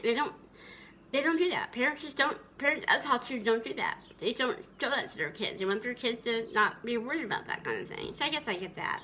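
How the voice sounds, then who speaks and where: A woman's voice: a little high, lively intonation, a little fast, sharp tone, slight background noise. A woman vlogger reminiscing tenderly in a casual, rambling way, with many fillers and restarts.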